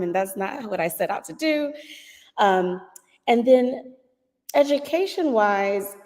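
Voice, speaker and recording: A woman's voice: mid-range voice, warm tone, long reverb tail. A woman in her thirties, a guest in a casual interview, chatty with frequent laughs and fillers.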